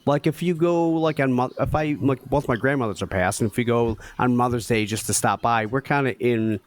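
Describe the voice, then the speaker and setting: Halting man in casual podcast banter. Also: medium pitch. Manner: rambling, halting, swears casually. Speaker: podcast co-host.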